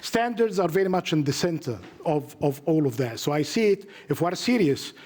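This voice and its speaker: A man's voice: fairly high pitch, animated, darkish tone. A man moderating a conference panel, speaking in a hurry and summing things up in lists. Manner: hurried, summarizing in lists.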